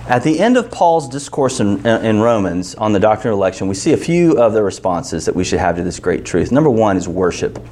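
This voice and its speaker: A man's voice: on the low side, big pitch swings, brisk, hardly any pauses, a little mellow. A male pastor preaching a sermon in a casual, joking tone, counting off numbered points and reading scripture.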